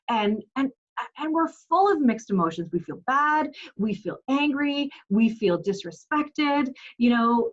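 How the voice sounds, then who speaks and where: A woman's voice: sits high, lively intonation, a little slow, highs cut off. A woman in her forties giving parenting advice as a coach, earnest and encouraging, often asking rhetorical questions. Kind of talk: direct-to-camera parenting advice.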